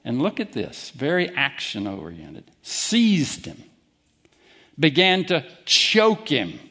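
A man preaching a sermon as pastor, emphatic and deliberate, challenging his listeners directly. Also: mid-range voice, huge pitch swings, sharp tone.

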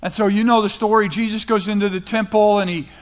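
A man's voice: high voice, fairly even intonation, fast talker. A middle-aged man preaching a sermon, retelling scripture in a casual, conversational paraphrase. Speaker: pastor.

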